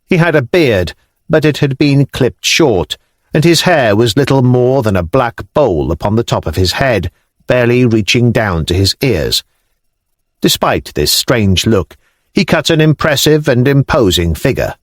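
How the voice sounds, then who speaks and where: A man narrating an audiobook in a measured, expressive way, recorded on a close studio mic. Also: medium pitch, no room sound. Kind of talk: scripted narration.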